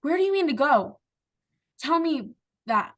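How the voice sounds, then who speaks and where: A woman's voice: sits high, sing-song, unhurried. A woman reading the lines of a frustrated husband who pleads with his grieving wife, in an earnest recitation.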